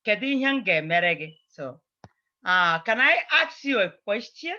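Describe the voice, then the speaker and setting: A woman teaching a language class, saying each phrase slowly and repeating it several times for her students. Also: medium pitch, big pitch swings, pushed and bright. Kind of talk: slow, repetitive language lesson. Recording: slightly dull, lo-fi recording.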